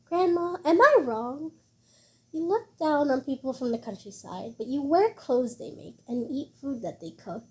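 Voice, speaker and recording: A woman reading a storybook voices a young country woman who answers back calmly and politely, with pointed words. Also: sits high, unhurried, pitched above the performer's own voice. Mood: calm retort. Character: calm, sharp-tongued young country woman.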